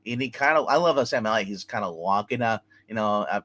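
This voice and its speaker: A man co-hosting a casual TV review chat, excitedly retelling scenes with lots of fillers. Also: fairly low pitch, fast. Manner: animated retelling, acting out scenes, many fillers. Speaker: co-host reviewing a TV episode.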